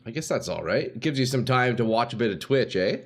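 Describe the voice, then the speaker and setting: Animated and fast, this mid-range voice belongs to a game streamer in casual livestream chat. He keeps it slangy and relaxed, calling his viewers "dude" and "boys."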